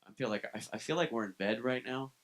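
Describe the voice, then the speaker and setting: A man's voice: mid-range voice, quick pace. A man performing stand-up comedy in a club, joking about himself in a loose, profane, conversational way. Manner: self-deprecating, profane, conversational. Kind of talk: live stand-up set.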